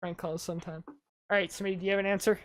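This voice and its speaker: A man's voice: high voice, flat delivery, fast talker, a crowd in the background. A man hosting a casual podcast, telling stories in a rambling way and leaning on "like" as filler. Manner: rambling storyteller, heavy use of "like". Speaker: podcast host.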